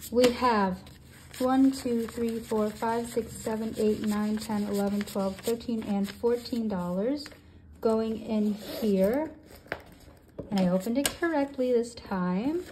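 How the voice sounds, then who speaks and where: A woman in her twenties, a budgeting channel host, counting cash aloud and thinking out loud as she sorts it. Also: on the high side, background noise. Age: 20s. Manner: counts bills aloud in steady runs; thinks aloud, with soft hesitations.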